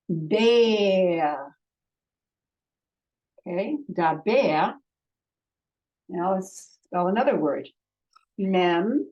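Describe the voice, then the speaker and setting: Slow, patient woman teaching Hebrew. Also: medium pitch, dark tone. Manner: slow, patient, sounds out syllables for learners to repeat. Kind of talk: online language lesson.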